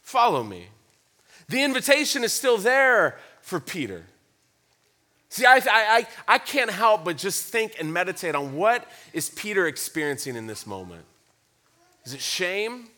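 A man's voice: high voice, sing-song, moderate pace, bright, forceful tone. A male pastor preaching a sermon in an earnest, reflective way, often repeating words.

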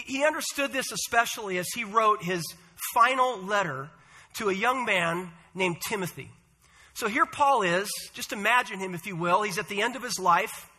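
High, bright-voiced male preacher. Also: slightly rough. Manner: measured, earnest delivery with "uh" fillers. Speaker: pastor. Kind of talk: sermon.

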